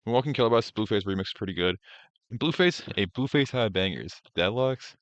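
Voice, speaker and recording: A man's voice: lowish voice, lively intonation, a little fast, dry recording, lo-fi sound. A man streaming, giving casual reaction commentary in a blunt, profane, ranting way with many restarts.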